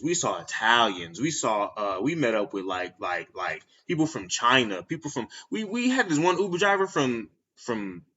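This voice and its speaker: A man from Texas hosts a podcast in a casual, slangy, animated monologue. His voice is bright and forceful, recorded a little dull and lo-fi. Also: mid-range voice. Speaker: podcast host.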